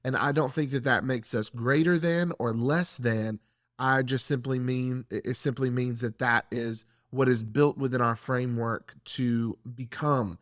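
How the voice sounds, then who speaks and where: A man hosting a faith-based discussion, speaking in an earnest, measured and reflective way. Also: mid-range voice, a bit bright, dry recording, clean studio sound. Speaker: church podcast host.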